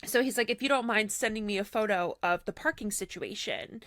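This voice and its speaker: Speaking fairly quickly at a medium pitch, this podcast co-host relives a story with lots of energy, peppering it with "like" and acting out what others said in her own voice. The studio-quality recording has no echo.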